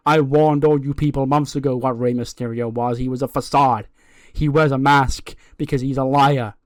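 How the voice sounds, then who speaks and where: Guy doing a cocky wrestling champ, loud and gloating, talks down to everybody, dry close sound. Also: mid-range voice, steady tone, normal speed, no room sound, natural voice. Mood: taunting. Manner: boastful, taunting, talks down to others.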